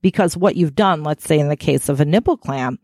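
Woman, podcast host, frank, playful, low-ish voice, dry close sound. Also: fairly quick, a little mellow, no echo. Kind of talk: casual podcast talk.

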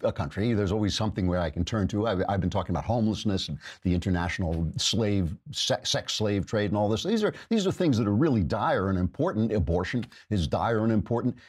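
Sarcastic husky talk host. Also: male voice, on the low side, quick pace, hardly any pauses. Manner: sarcastic, mocking, animated. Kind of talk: political talk show with ad read.

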